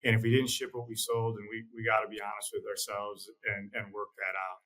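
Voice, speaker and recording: A man as an interview guest, talking in a measured, plain-spoken way and repeating words as he thinks. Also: fairly low pitch, monotone, fairly bright tone, low-quality recording. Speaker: guest, trading executive. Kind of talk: casual interview chat.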